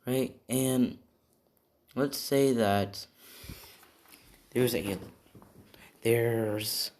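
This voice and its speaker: A man's voice: mid-range voice, very slow, gravelly, darkish tone. A man telling an improvised fan story in a rambling way, with many restarts and tag questions. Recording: echoey room, faint typing.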